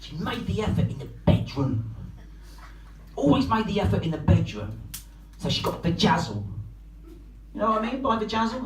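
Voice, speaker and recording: A man doing a stand-up comedy set, swearing freely and shouting out voices for his punchlines. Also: high voice, big pitch swings, moderate pace, pauses often, crowd noise. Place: comedy club stage. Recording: echoey room, from far off. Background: laughing audience.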